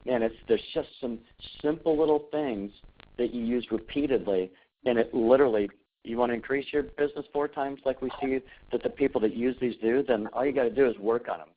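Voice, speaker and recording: A man's voice: medium pitch, a little fast. A man coaching on a group call, speaking earnestly and repeating key phrases. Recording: tinny phone-line audio with faint noise.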